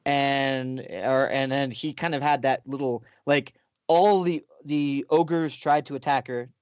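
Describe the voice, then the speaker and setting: Male co-host, casual livestream chatter, lively storyteller; dry close lo-fi mic. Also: medium pitch, a little slow, smooth, no room sound. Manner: animated retelling, often acting out exaggerated quotes. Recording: dull lo-fi dry sound.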